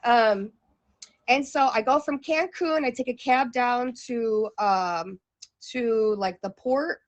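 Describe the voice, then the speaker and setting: A woman's voice: a little high, slow, dull audio. A woman telling a personal travel story in a casual, chatty way, full of fillers and restarts.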